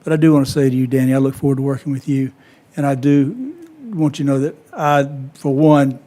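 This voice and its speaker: A man, a county council member speaking in a halting, conciliatory way at a meeting. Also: medium pitch, mellow.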